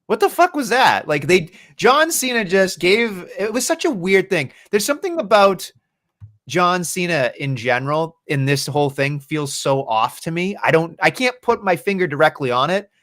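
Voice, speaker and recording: Animated, swearing podcast guy. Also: sits high, normal speed. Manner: profane, rambling, animated. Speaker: podcast co-host. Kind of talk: casual wrestling chat.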